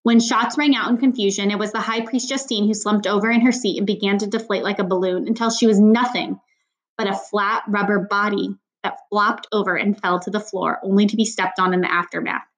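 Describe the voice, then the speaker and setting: Reading a novel in a plain manner, a woman with a medium-pitched voice keeps her tone steady and moves fairly quickly. She's an audiobook reader who sometimes breaks off for casual comments and trips slightly over words.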